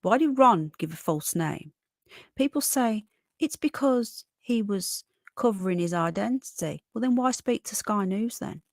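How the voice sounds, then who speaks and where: Chatty woman livestream host, dry gravelly voice. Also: medium pitch, animated, measured pace, no echo. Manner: chatty, thanks viewers warmly by name, many fillers. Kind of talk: casual livestream chat.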